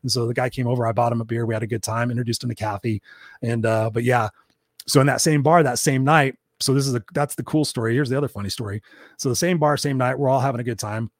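Fast-talking profane storyteller man. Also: mid-range voice, fairly even intonation, dry recording, clean studio sound. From Southern California. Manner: candid, profane, rambling with frequent fillers. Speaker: host. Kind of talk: solo livestream storytelling. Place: room at home.

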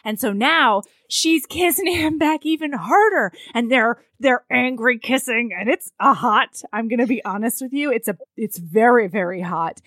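A woman's voice: a little high, normal speed, hardly any pauses, a bit bright, no echo, clean studio sound. A woman co-hosting a podcast, casually recapping a story and acting out the characters' lines. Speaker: podcast co-host recapping a book. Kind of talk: casual chat.

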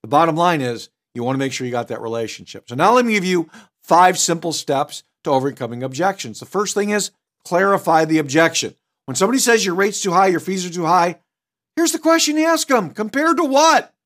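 A man's voice: fairly high pitch, expressive, a little fast, a bit bright. A middle-aged man teaching a sales training session, direct and emphatic, with punchy asides. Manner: switches tone to act out customers. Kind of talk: recorded training seminar.

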